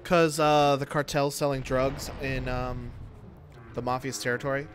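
A man's voice: mid-range voice, level tone, measured pace, soft background music. A man streaming a game live, chatting casually and joking in a mock-boastful way, speaking close to his microphone. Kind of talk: casual gameplay chat. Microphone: close to the mic.

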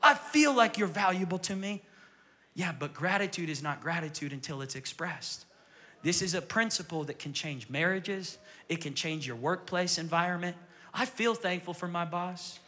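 A male pastor preaching a sermon in a church with energetic, repetitive phrasing that sometimes drops to a whisper. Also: on the high side, normal speed, big-room sound. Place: church sanctuary.

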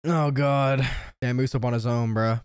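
A young man reacting to an anime, excitable and profane, with lots of slang. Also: mid-range voice, a little slow, clean tone. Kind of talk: casual reaction commentary.

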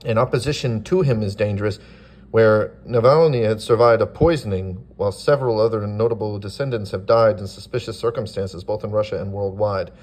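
A man's voice: on the low side, a little fast, a little mellow. A man from the United States giving impassioned political commentary as an online commentator, earnest and rousing, piling up repeated phrases.

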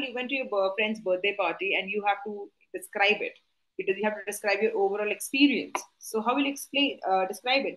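A woman's voice: a little high, fairly bright tone, echoey room, low-quality recording. A woman teaching a live online class, coaxing answers with repeated questions and tag questions.

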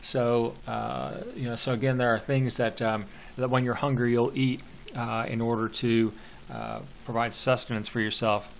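A man teaching a recorded poetry lecture, explaining at a measured pace, often stalling on fillers and restarting his phrases. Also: medium pitch, little pitch movement, creaky.

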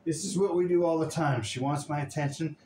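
A man's voice: fairly high pitch, fairly quick, darkish tone, a little hiss or hum. A man talking affectionately to his dog in a home video, using doting baby talk and laughing often. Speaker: dog owner filming his dog.

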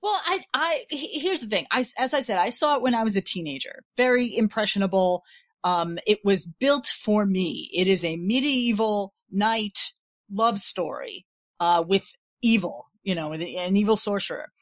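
A woman's voice: mid-range voice, lively intonation, moderate pace, no echo. Friendly woman on a dry mic. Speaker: podcast guest. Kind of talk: casual movie discussion.

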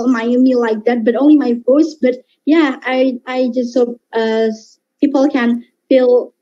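Slow, halting, high-voiced woman. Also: highs cut off. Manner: halting, searching for words; soft-spoken and shy. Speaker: voice dubber showing her characters.

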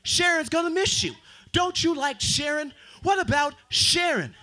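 A man's voice: extremely high pitch, expressive, measured pace, sharp tone, pitched above the performer's own voice, exaggerated voice. A man voicing a clingy social media site that begs, in a whiny, pleading, repetitive way. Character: clingy pleading website voice, sexless, needy.

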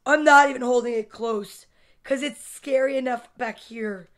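A woman reading a children's picture book aloud to kids, with playful, expressive asides. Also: fairly high pitch, moderate pace. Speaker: story time reader.

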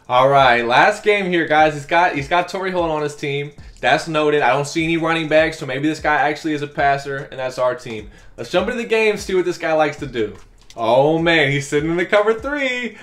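A man narrates his football video game as he plays, walking viewers through his strategy. His voice sits a bit high, and he flares up into loud, excited yelling whenever a big play happens. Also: fairly quick. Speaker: gaming YouTuber. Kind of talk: live gameplay commentary.

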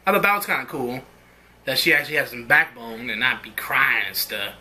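A man's voice: medium pitch, brisk, sharp tone. A young man giving a casual, rambling spoken review of a TV episode in a slangy, conversational way.

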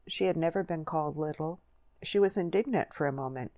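Audiobook narrator, woman, very low voice, dry close recording. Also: brisk, dark tone, dry recording, highs cut off. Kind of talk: scripted narration.

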